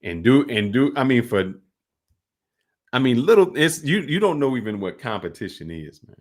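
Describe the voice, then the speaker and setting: A man hosting a podcast, telling sports stories in casual talk over a call, often getting animated and loud. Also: medium pitch, normal speed. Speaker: podcast host.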